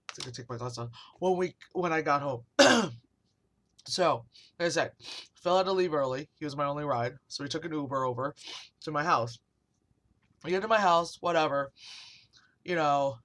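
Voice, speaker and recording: A woman's voice: low voice, fairly bright tone. A woman telling a story in a casual vlog rant, rambling and swearing, with lots of fillers. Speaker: vlogger.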